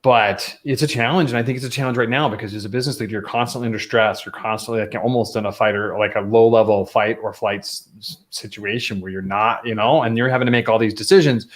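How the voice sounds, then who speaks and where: A man's voice: on the low side, fairly even intonation, fast, few pauses. Rambling conversational male host. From Colorado, US. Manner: rambling, conversational, many restarts. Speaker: podcast host. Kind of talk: casual talk with ad segment.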